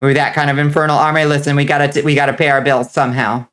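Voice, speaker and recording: A woman's voice: low voice, level tone, very fast. A woman streamer chatting casually with her viewers, joking, laughing often and answering chat. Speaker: vtuber streamer.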